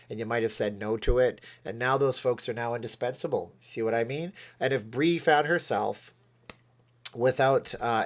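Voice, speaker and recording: Chatty Canadian man rambling on a livestream. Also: medium pitch. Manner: rambling, chatty, reads viewer comments aloud. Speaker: livestream host. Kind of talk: casual livestream chat.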